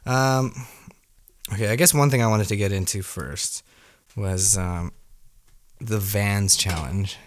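A man's voice: fairly low pitch, slow pace, long pauses, slight background noise. Casual young male podcast host. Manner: loose, swearing, laughs often.

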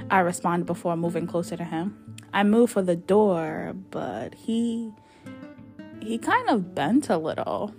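A woman's voice: lowish voice, animated, measured pace, creaky, darkish tone, faint music behind. A woman narrating a fictional journal in a chatty, sassy, confiding way. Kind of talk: dramatic reading of a fictional journal.

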